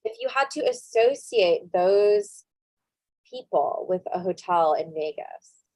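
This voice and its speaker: A woman hosts a podcast in relaxed, casual chat, joking and tossing out playful questions. Her middle-pitched voice sounds dry and close. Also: slow, dry recording. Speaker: podcast host.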